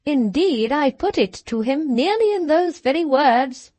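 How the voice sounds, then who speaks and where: A woman voicing a stern old countess from a period audiobook, imperious and disapproving as she lectures. The voice sits a little high and moves slowly and deliberately. It is recorded dry and close. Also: lively intonation, darkish tone, dry recording. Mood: lecturing. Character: haughty, stern aristocratic countess, older woman.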